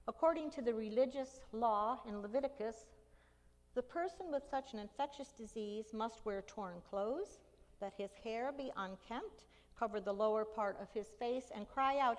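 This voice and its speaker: A woman preaching a sermon, retelling a story dramatically and slowly, with emphatic cries in the quoted lines. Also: a little high. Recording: long hall reverb.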